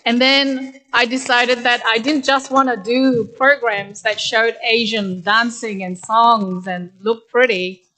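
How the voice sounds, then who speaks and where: A woman's voice: a little high, steady tone, slow pace, few pauses, sharp tone. A middle-aged woman from Korea addresses graduates at a ceremony. She tells stories from her own career in a candid, conversational way that stays plain and direct. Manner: conversational, candid, with frequent "actually". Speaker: graduation guest speaker. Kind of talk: ceremonial speech, personal storytelling.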